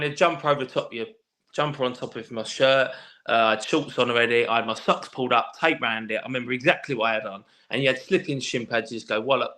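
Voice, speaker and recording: Bloke, talks fast, bright voice, lots of stumbles and swearing. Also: male voice, on the high side. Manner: animated storyteller, swears freely, many restarts. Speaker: guest, former footballer. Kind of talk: casual podcast chat.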